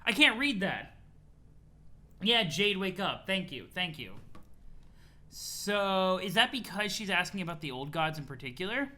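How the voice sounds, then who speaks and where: Hyped young streamer guy reading a webcomic out loud, kinda high bright voice, cussing and cracking up. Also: normal speed. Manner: excitable, swears, laughs, mixes dramatic read-alouds with hype reactions. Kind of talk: live let's-read reaction stream.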